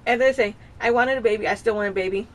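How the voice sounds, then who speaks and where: Speaking fast in a fairly high voice, this woman in her thirties records a casual personal vlog at home, dogs close by. She rambles in a confessional way, frequently circling back to restart what she was saying.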